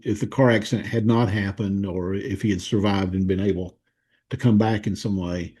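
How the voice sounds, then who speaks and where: Guy on a podcast, husky mellow voice, lots of ums, thinking out loud. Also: lowish voice, steady tone, moderate pace. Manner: thoughtful, hesitant, many fillers and restarts. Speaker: co-host of a wrestling history show. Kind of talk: casual podcast discussion.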